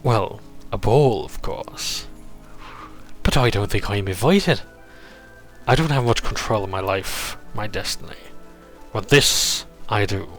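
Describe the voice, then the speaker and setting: A man voicing a reserved, wistful fantasy adventurer who speaks earnestly and softly. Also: lowish voice, a little slow, soft background music.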